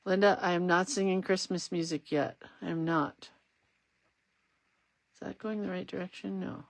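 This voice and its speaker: A woman's voice: on the low side, fairly even intonation, normal speed, no room sound. A woman hosting a casual crafting stream, chatting in a rambling way and reading out viewer comments as she works. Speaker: craft livestream host. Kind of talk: casual chat while crafting.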